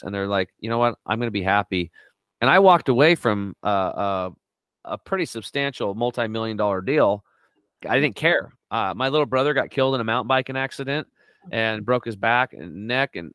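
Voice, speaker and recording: A middle-aged man telling stories in a lively interview, acting out quotes with sudden jumps in his voice. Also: clean tone, no room sound. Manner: animated storyteller, acts out quotes with big pitch jumps. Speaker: guest on a health talk show. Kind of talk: energetic conversational interview.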